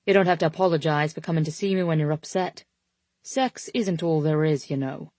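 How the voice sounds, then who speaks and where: A woman's voice: low voice, fairly quick, darkish tone, no echo, lightly acted. Woman voicing a teasing British young man. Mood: tender.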